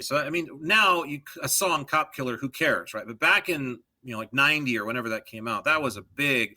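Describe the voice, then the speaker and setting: A middle-aged man co-hosting a podcast in casual chat, digressive and animated, drifting into joke voices. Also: medium pitch, moderate pace. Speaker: podcast co-host.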